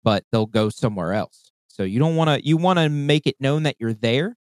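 A man's voice: medium pitch, normal speed, no echo. A man casually telling a long hunting story, swearing a lot and acting out voices and calls. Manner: profane, animated, acts out voices and calls.

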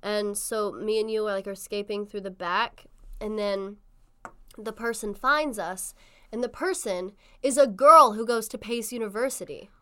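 A woman's voice: mid-range voice, normal speed, smooth. A young woman co-hosting a podcast, chatting casually and acting out voices as she tells a story. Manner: animated storytelling, acts out voices. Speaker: podcast co-host. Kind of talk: casual chat.

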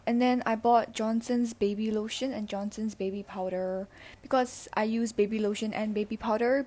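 A teenage girl from Singapore, hosting a personal podcast. She talks in a halting, emotional way, with many fillers and restarts, into a handheld mic. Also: medium pitch, a little mellow. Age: teens. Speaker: podcast host.

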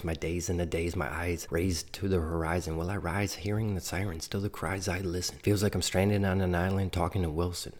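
A man with a very deep voice delivering spoken-word rap. His lines come in dense, chained rhymes, blunt and profane, aimed squarely at his listeners. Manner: dense rhyming, confrontational, profane.

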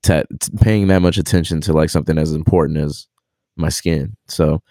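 Young male co-host, very deep mellow voice, dry sound, relaxed slangy chat. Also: normal speed, no room sound. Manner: laid-back, slangy, stumbles over words. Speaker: podcast co-host. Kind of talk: casual chat.

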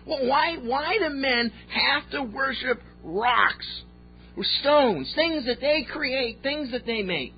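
A man's voice: extremely high pitch, animated, slow, faint music behind, pitched above the performer's own voice, exaggerated voice. A man voicing God as exasperated and baffled, asking pleading, incredulous questions, on a slightly dull recording.

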